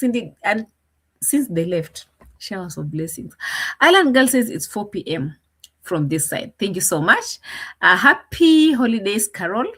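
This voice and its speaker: A woman's voice: mid-range voice, lively intonation, normal speed, fairly bright tone. A woman hosting a live reaction stream, chatting casually and laughing as she greets viewers by name. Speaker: reaction channel host.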